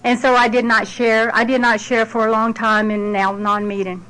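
Middle-aged lady sharing her story at a meeting, a bit high, plain and heartfelt. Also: flat delivery, fairly quick, fairly bright tone, low-quality recording. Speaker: speaker sharing at a support group meeting. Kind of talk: personal testimony.

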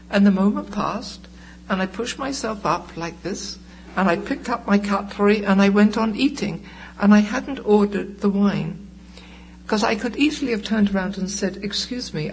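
An older woman gives personal testimony at a recovery meeting. She tells it slowly and deliberately, acting out the voices in her story, and a faint hum sits under her voice. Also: medium pitch, creaky, poor audio. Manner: vivid, deliberate storytelling with acted-out quotes. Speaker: recovering alcoholic sharing at a meeting.

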